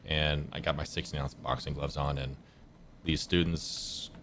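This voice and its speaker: Male streamer, deep voice, laid-back rambling gameplay commentary with a few swears. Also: level tone, measured pace, fairly bright tone, slight background noise. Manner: rambling, self-correcting storyteller. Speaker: gaming streamer.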